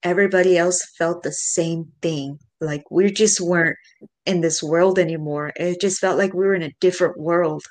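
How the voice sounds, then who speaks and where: A woman telling a story in casual chat, animated, swearing and speaking straight to the listeners. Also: fairly low pitch, normal speed.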